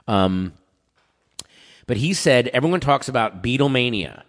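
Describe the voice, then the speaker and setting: A middle-aged man chatting casually, telling stories and acting out quotes, with a dry voice and frequent throat-clearing. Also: mid-range voice, a little slow, big-room sound. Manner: animated storyteller, acts out quotes. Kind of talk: casual chat.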